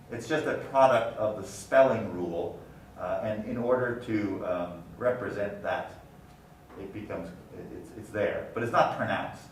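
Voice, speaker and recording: A man giving a university lecture, explaining step by step and slowly repeating example words. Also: mid-range voice, recorded from a distance. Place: lecture room. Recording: roomy sound from off the mic, faint noise.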